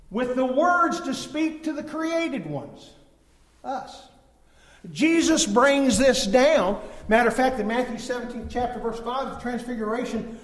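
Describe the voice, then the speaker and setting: A man preaching a sermon, emphatic, swinging from loud stressed words to low, drawn-out phrases. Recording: echoey hall.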